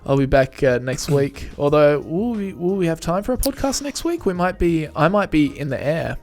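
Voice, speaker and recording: A man's voice: fairly high pitch, big pitch swings, normal speed, a little mellow. A young man co-hosting a podcast, chatting casually and joking, his voice a bit worn from being unwell. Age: young adult. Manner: chatty, jokey, lots of fillers. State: unwell, strained voice. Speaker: podcast co-host.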